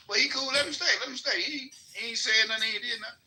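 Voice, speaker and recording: A man's voice: very high voice, quick pace, bright, forceful tone, rough recording. A man, a guest on a live stream, telling loose slangy stories and acting out the quotes. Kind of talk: profane casual live-stream chat.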